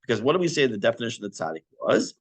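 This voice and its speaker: A man, a rabbi, giving a Torah class, explaining Hebrew terms in English with animated, self-correcting delivery. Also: medium pitch, racing, no echo.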